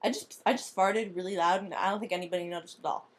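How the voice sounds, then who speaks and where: A woman voicing a goofy male villain who mutters low and then bellows. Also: steady tone, fast, reverberant, close to an everyday voice. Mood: sheepish.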